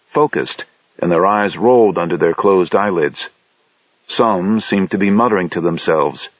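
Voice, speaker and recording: Low-voiced male audiobook narrator. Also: dry recording. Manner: steady, measured reading. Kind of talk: scripted narration. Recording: dull lo-fi dry audiobook recording.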